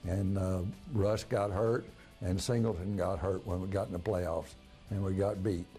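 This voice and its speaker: Older coach, low mellow voice. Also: male voice, steady tone, moderate pace, soft background music. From Texas. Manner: folksy storyteller, frequent "uh" and restarts. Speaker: retired high school basketball coach. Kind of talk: casual reminiscing interview.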